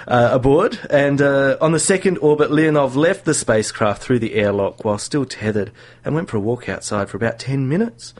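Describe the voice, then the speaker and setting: A chatty man hosting a casual radio show. He talks loosely, with plenty of ums and uhs, and laughs often. His pitch sits in a middle range for a man. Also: brisk.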